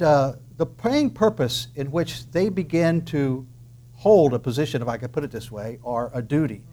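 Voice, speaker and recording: A man preaching a sermon emphatically, asking rhetorical questions and dropping into soft asides. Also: a little high. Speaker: pastor.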